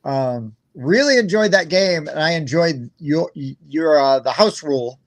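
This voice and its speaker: Male co-host, slightly high voice, loose rambling chat. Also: animated, measured pace. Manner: rambling, laughs easily. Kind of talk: casual chat.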